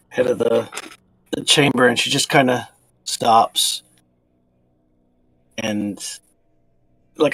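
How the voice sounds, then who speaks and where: A man's voice: medium pitch, fairly bright tone, breathy edge, no echo, poor audio. A man narrating as game master of a tabletop role-playing game, talking in a casual, loose way. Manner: casual and loose, with many fillers and restarts.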